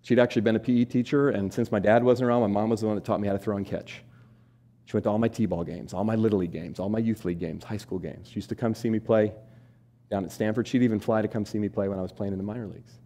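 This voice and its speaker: A man speaks quickly on a stage, his voice low and mellow. He is in his forties and tells a personal story to a live audience. He asks them questions and acts out the voices of the people in the story. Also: fairly even intonation. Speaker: keynote speaker. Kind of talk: storytelling keynote talk.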